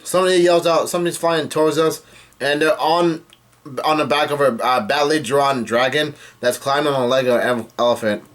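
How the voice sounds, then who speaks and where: A man giving a casual spoken recap of a comic chapter, rambling and halting with frequent fillers and restarts. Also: medium pitch, fairly bright tone. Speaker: manga chapter reviewer.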